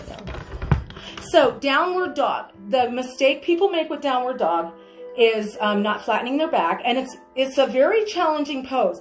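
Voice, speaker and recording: A woman's voice: high voice, reverberant. A woman guiding a yoga class with chatty, encouraging step-by-step cues. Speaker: yoga instructor. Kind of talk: guided yoga instruction. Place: home studio room.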